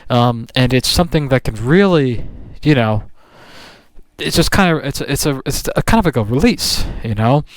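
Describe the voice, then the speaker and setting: This man's mid-range voice is expressive and moderately paced, with no room sound. Sitting on or riding his motorcycle outside, he vlogs casually about bikes, rambling and restarting often amid fillers.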